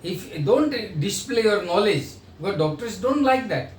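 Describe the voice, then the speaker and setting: A man's voice: high voice, sing-song, measured pace. A man giving a sales training lecture in an explanatory manner. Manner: explanatory, acts out sales dialogues. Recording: echoey room, voice from a distance, faint noise.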